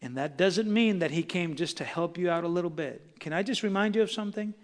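A man's voice: high-pitched, fairly quick, in a large hall. A man preaching a sermon as pastor to his congregation, building intensity and acting out quotes. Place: church sanctuary.

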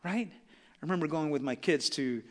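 A pastor preaching a sermon, building to loud, impassioned peaks with repeated emphatic phrases. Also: male voice, on the high side, normal speed. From Southern California. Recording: long hall reverb.

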